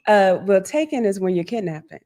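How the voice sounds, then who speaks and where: A woman co-hosting a podcast in casual chat, an expressive storyteller. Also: mid-range voice, fairly quick. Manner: expressive storyteller, acts out quotes. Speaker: podcast co-host. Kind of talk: casual chat, retelling a film.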